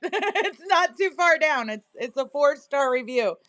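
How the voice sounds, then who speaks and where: A woman's voice: sits high, expressive, a little slow, a bit bright, dry recording. Giggly woman hosting a live sale stream. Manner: giggly and chatty, laughs often, talks to viewers and her pet. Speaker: live-stream seller and host. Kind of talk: casual live-stream chat.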